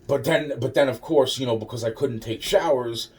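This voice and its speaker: A man's voice: medium pitch, fairly quick, a little mellow. A man telling a rambling personal story, swearing constantly and restarting his sentences. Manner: profane, rambling, full of restarts. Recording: voice distant from the mic.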